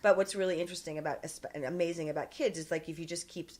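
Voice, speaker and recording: A woman's voice: on the low side, fairly even intonation, rapid-fire, a little mellow. A middle-aged woman guest on a podcast who earnestly shares parenting advice from her own life. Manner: reflective, earnest advice-giver. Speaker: guest, author and filmmaker. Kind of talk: casual interview talk.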